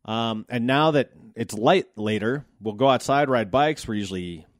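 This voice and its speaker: At normal speed and in a mid-range voice, an American man in his thirties rambles casually about his day for his podcast, wry and profane. There's no room sound, and the quality is studio grade.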